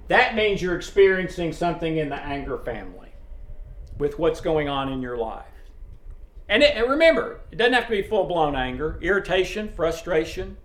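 Slow-talking man preaching in a roomy space. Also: sits high, a bit bright. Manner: plain conversational teaching, checks in with "okay?". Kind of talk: sermon. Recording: roomy echo.

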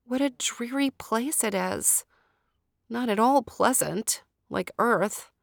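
A woman doing a bold, shrill young girl. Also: slow pace, creaky, dry recording, clean studio sound. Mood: indignant. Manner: excited, cries out. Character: bold, headstrong young girl who loves birds.

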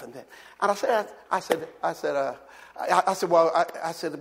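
A male pastor preaching a sermon, telling a chatty story full of restarts and rising to shouted calls for the congregation to repeat. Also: a little high, expressive, normal speed, a little hiss or hum. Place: church. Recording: long hall reverb.

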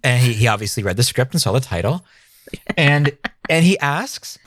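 A man's voice: medium pitch, expressive, normal speed, a bit bright, no room sound, clean studio sound. A man hosting a podcast, recapping an old TV episode in a jokey, rambling casual chat. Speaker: podcast host.

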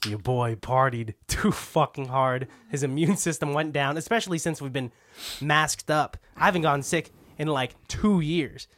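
A man's voice: a little high, dry recording, studio quality. A young man co-hosting a podcast, congested from a cold, joking around in casual banter. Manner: animated, joking, quick to laugh. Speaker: podcast co-host.

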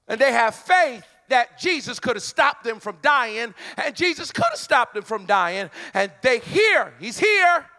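A male preacher delivering a sermon, conversational and emphatic, hollering at peaks and dropping into quick asides. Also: extremely high pitch, sing-song, bright, forceful tone, faint music behind.

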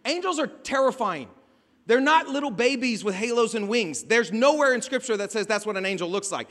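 A man preaches with a high, bright, cutting voice, animated and joking as he acts out the scenes. His voice carries a long reverb from a large hall. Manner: animated and joking, acting out scenes with shouted asides. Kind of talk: sermon.

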